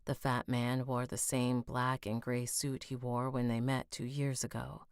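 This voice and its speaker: A woman's voice: extremely low pitch, flat delivery, unhurried, clear, resonant tone, no echo, clean studio sound. A woman narrating a fantasy audiobook, stopping to fix slips and rereading lines.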